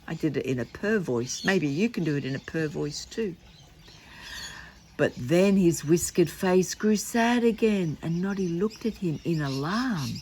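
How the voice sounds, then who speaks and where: An older woman reading a children's book aloud, gentle and coaxing as she talks to the young listeners, birds outside. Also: low voice, moderate pace, a little hiss or hum. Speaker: storyteller for children.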